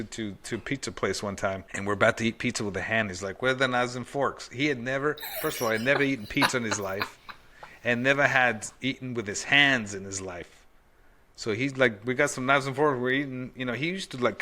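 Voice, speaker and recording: Man, podcast host, casual, rambling anecdotes, bright forceful tone. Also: medium pitch, a little fast. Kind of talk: casual conversation.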